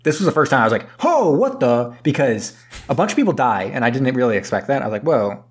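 A man's voice: mid-range voice, expressive, rapid-fire, breathy edge. A man casually recapping a movie plot, rambling and acting out characters' lines with the odd swear. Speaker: podcast co-host.

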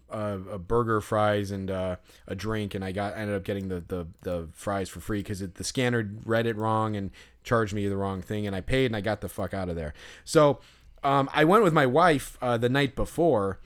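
A man's voice: fairly low pitch, normal speed. A young adult man, co-host of a podcast, telling a long, rambling story in a casual chat, with lots of restarts and some swearing.

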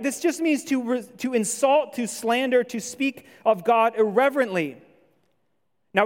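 High-voiced man preaching in a reverberant hall. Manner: conversational, animated when voicing imagined objections. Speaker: pastor. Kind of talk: sermon. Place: church hall.

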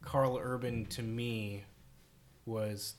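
A man's voice: mid-range voice, fairly even intonation, extremely slow. Hesitant man chatting about movies. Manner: thoughtful, hesitant with fillers. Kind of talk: casual movie podcast chat.

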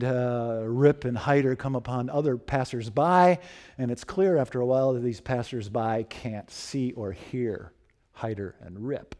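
A man preaching a sermon, retelling a story and acting out its dialogue, then closing slowly and solemnly with a poem and a blessing. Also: mid-range voice, darkish tone. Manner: slow and solemn when quoting poetry and blessing.

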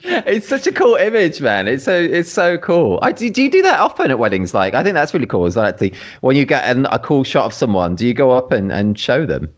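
A man hosting a relaxed conversation with a fellow photographer, eager and often laughing. His pitch leaps high and drops low, very lively throughout. His voice sits in a middle register. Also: fairly quick, hardly any pauses. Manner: enthusiastic, laughs often, pitch swings widely. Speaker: podcast host, wedding photographer. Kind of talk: casual interview chat.

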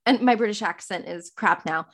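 A woman's voice: medium pitch, moderate pace. A young adult woman hosting a podcast, telling stories in a casual, rambling way with lots of fillers and restarts. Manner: rambling animated storytelling, many fillers and restarts. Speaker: podcast host. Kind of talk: casual chat.

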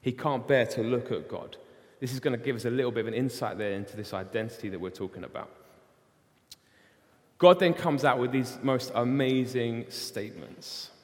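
A young man preaching a sermon in a casual, animated storytelling way. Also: medium pitch, normal speed. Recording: long hall reverb.

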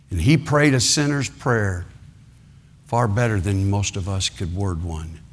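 A male pastor preaching a sermon, telling a story with animated, fervent delivery. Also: fairly low pitch, breathy edge.

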